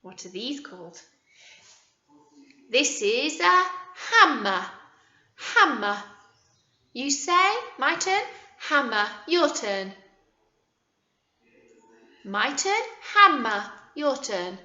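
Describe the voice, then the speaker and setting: A woman teacher with a British accent leading a young children's phonics lesson, modelling words slowly and encouragingly. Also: high-pitched, big pitch swings, sharp tone. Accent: British English. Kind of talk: early years phonics lesson. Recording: echoey room, dull lo-fi sound.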